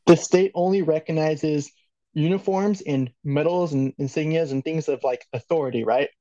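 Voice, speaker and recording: A man's voice: on the high side, normal speed, dark tone, no room sound. Podcast guest, man from L.A., loose and joking with lots of laughs; dry, slightly muffled recording. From Los Angeles, California. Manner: laughs often, loose and joking, swears, many "like"s. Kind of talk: casual storytelling.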